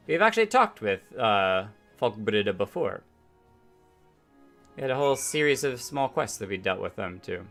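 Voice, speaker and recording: A man's voice: mid-range voice, sing-song, moderate pace, sharp tone. A man giving chatty, playful commentary over a game he is playing. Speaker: game streamer. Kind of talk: let's play commentary. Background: game music.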